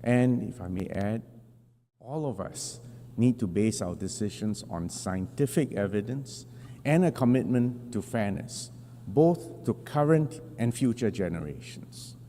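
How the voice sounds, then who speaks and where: A man giving a formal prepared speech to a large assembly, in measured, deliberate phrasing with emphatic stresses, at a podium microphone. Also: lowish voice, expressive, mellow. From Singapore. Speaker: national representative addressing the General Assembly. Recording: long hall reverb with faint hum.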